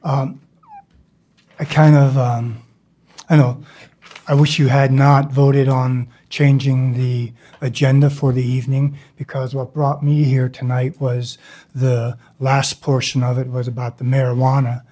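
Man at the podium, mellow and husky, halting delivery with a jesting edge. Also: medium pitch, level tone. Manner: wry, joking, halting. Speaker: public commenter. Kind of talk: public comment at a council meeting. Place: council chamber.

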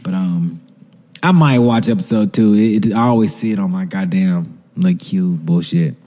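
In a large hall, a low-pitched man with a warm tone talks at normal speed as a podcast co-host. He retells a TV episode in loose, casual chat, cursing, rambling and laughing through the scenes.

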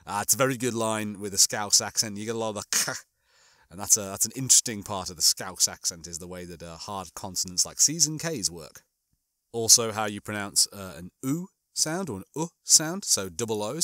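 A man reading a comic sci-fi novel aloud and chatting between chapters in an animated way. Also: lowish voice, brisk, dry recording, clean studio sound. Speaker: audiobook reader.

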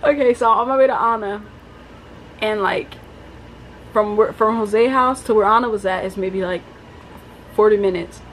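A young woman telling a story in a casual vlog, chatty and animated, with lots of fillers. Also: mid-range voice, moderate pace, long pauses, rough recording. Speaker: vlogger. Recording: faint background noise.

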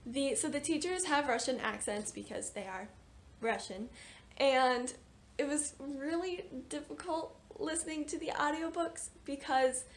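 A woman's voice: sits high, unhurried. A young woman casually reviewing books for her vlog, chatty and gushing, with lots of fillers and exclamations. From United States. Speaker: book reviewer.

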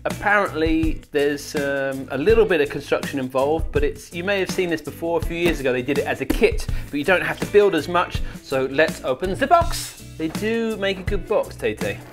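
A man's voice: fairly high pitch, animated, normal speed, few pauses, over music. Jokey man demoing gear. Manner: jokey, chatty, asides to a colleague. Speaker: retailer product demo presenter. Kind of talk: casual unboxing demo.

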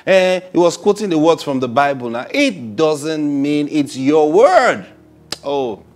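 A man preaching a sermon, opening with prayer and acting out little dialogues, swinging from soft to loud. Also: on the high side, very animated, a little slow.

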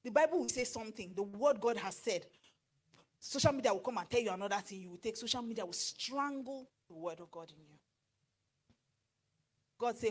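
A middle-aged Nigerian woman preaching on marriage, animated and slipping into pidgin with acted asides. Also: on the high side, a little fast, pauses often. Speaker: pastor and marriage counselor. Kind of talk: sermon.

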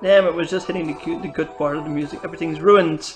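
A woman's voice: low voice, fairly even intonation, quick pace. A woman commentating her own gameplay, swearing and crying out at every setback. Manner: cursing and crying out at the game. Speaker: let's player. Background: faint game music.

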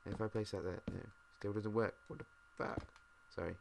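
A British man mumbling and thinking out loud, swearing now and then as he plays a game. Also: lowish voice, steady tone, fairly quick, vocal fry. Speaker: gamer. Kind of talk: casual let's-play commentary. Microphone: desk mic. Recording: noisy home mic with mouse clicks.

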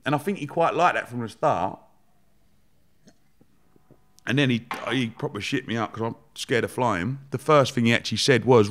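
A man at an everyday pitch, telling his story in easy podcast chat. He talks in an animated way, breaks into laughter often and swears without a second thought. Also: moderate pace, long pauses. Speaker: podcast guest, entrepreneur.

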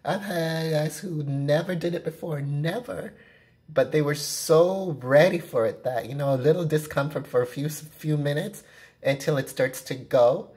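A woman with a low, darkish voice vlogs from inside her own apartment, speaking at normal speed straight to a close-range camera. Her talk is a frank, rambling casual rant full of "you know" fillers.

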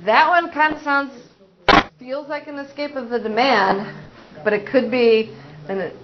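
A school psychologist presenting a parent training in a casual, conversational way, with frequent fillers and acted-out examples. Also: female voice, high voice, steady tone, measured pace, heavy background noise. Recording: dull, muffled sound.

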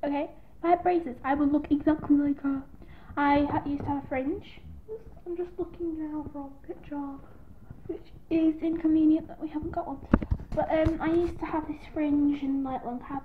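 Giggly high-voiced young woman. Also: steady tone, moderate pace. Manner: giggly, self-deprecating, scattered. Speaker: vlogger. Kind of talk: rambling casual chat to camera. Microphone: tablet built-in mic. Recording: tinny lo-fi tablet audio with faint hiss.

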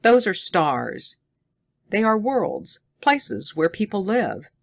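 A woman reading an audiobook voices a calm, protective young adventurer, firm and reassuring. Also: mid-range voice, takes it slowly, creaky, voice pushed up, heavily acted.

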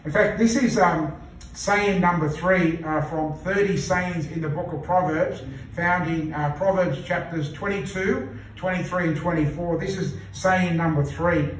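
Male pastor, earnest sermon delivery, high-pitched voice, heard from far off in a very echoey church hall. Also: steady tone, slight background noise. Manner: earnest, repeats phrases for emphasis, slows to read scripture.

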